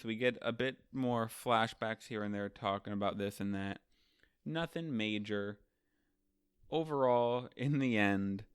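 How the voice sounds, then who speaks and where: A man giving a casual, offhand recap of manga chapters, tossing in sarcastic asides and quick mock quotes of the characters. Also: mid-range voice, a little hiss or hum.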